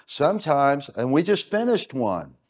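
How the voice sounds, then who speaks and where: With big pitch swings and a slightly slow pace, a middle-aged American keynote speaker addresses a conference from an event stage. His voice runs a little high, and his delivery is punchy and emphatic, loaded with rhetorical questions.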